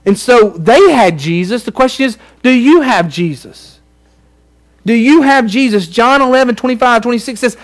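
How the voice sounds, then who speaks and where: Male pastor, high voice, earnest repetitive preaching. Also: lively intonation, moderate pace. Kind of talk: sermon.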